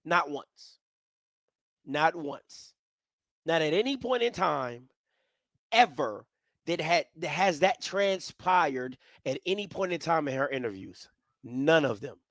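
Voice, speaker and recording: A man's voice: a little high, expressive, slow pace, long pauses, fairly bright tone, dry recording, clean studio sound. A man hosting a live reaction stream, talking in a blunt, slangy, joking way with lots of energy. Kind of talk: casual live reaction commentary.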